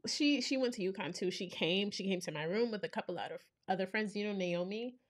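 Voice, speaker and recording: A woman's voice: medium pitch, fast talker. Young woman host from New York, chatty storyteller, peppers her talk with "like" and "right?". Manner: animated storyteller, frequent "like" and "right?". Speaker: podcast host. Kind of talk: casual chat.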